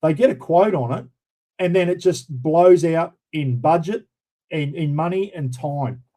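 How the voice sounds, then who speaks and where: A man's voice: on the high side, measured pace, mellow, poor audio. An Australian man hosting a casual livestream, ranting bluntly and indignantly, swearing freely and calling his viewers "everyone". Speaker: livestream host.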